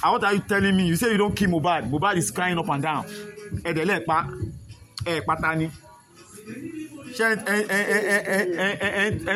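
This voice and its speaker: A Nigerian-accented man talks quickly in a high voice, broken up by long pauses, as he emotionally begs his audience in repetitive street language. Loud music plays behind him throughout.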